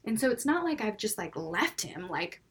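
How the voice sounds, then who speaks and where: A young mother with a five-year-old co-hosts a podcast, chatting casually in a medium-pitched, breathy-edged voice at a moderate pace. She tells animated stories about her young son, acting out both him and herself.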